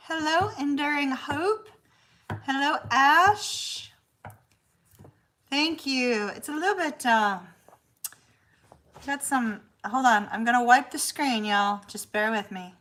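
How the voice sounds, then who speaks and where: Bright-voiced woman chatting on a livestream. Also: high-pitched. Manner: chatty, greets viewers by name, laughs often. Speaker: tarot reader hosting a livestream. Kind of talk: casual livestream chat. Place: her apartment, indoors.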